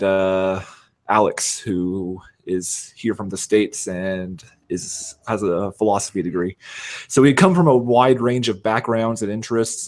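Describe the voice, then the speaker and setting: A man's voice: on the low side, a little mellow. A man chatting casually as a podcast guest, rambling with lots of fillers and poking fun at himself. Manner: rambling, self-deprecating, many fillers. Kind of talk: casual chat.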